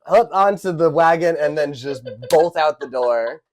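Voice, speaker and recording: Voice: mid-range voice, unhurried. A player describing their raccoon's actions in a tabletop game, laughing often. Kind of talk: in-character tabletop play.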